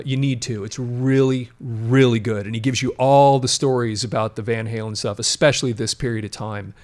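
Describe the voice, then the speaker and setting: A man hosting a casual talk show, explaining at length with frequent restarts and emphatic asides. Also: mid-range voice. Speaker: podcast host. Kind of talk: casual conversational commentary.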